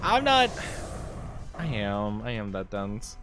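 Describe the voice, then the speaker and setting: A young man chatting casually on a live stream, rambling and self-deprecating, often jumping into high squeals. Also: wildly swooping pitch, slow pace, fairly bright tone, soft background music.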